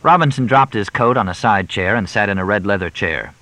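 A man reading a crime novel aloud in measured, even storytelling narration. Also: lowish voice, no echo, poor audio. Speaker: audiobook narrator.

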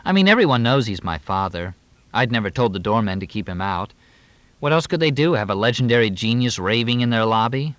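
A man's voice: medium pitch, big pitch swings, fairly quick, fairly bright tone, dry recording. A man voicing a weary young actress. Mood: exasperated. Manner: raised, lighter tone.

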